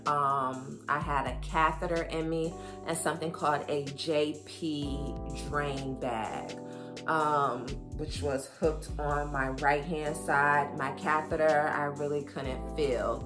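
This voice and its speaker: A woman telling a personal story to her viewers in a chatty, expressive way. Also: deep voice. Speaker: vlogger. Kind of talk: casual storytelling to camera.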